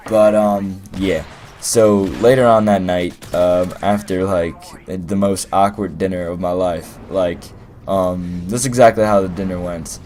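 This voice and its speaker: A man's voice: deep voice, steady tone, a little slow, a little mellow, a little hiss or hum. A young man telling a rambling, playful story as casual gameplay commentary, full of fillers. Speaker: gaming commentator.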